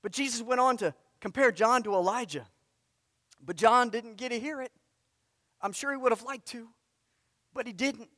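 A man's voice: extremely high pitch, normal speed, pauses often, pushed and bright, no echo, studio quality, in a large hall. A male pastor preaching a sermon with emphasis, coming back again and again to a refrain. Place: church sanctuary.

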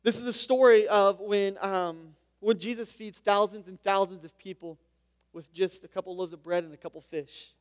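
A pastor delivering a sermon, his voice pitched high for a man. He moves between reading scripture and easygoing, chatty asides. The sound rings with long reverb from a church hall. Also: steady tone, moderate pace. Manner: conversational preaching with casual asides.

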